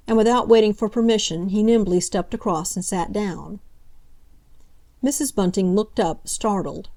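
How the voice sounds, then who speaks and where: A woman narrating a classic novel as an audiobook, reading in a measured, steady way. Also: mid-range voice.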